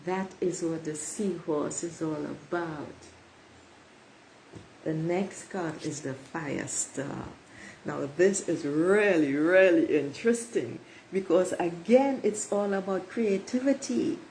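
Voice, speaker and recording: Speaking slowly in a low-leaning, creaky, darkish voice, a woman reads oracle cards for her viewers. She's emphatic, repeats her affirmations, and addresses everyone as beautiful souls. The rough recording has a little hiss or hum.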